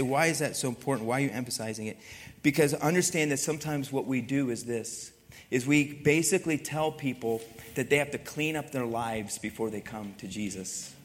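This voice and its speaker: A man's voice: a little high, big-room sound. A male pastor preaching a sermon in a conversational way, often asking his listeners rhetorical questions.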